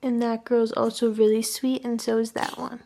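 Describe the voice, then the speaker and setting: A woman vlogging casually about a book she is reading, reacting in a hushed, chatty way. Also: fairly high pitch, flat delivery, moderate pace, creaky. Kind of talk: casual reading vlog chat.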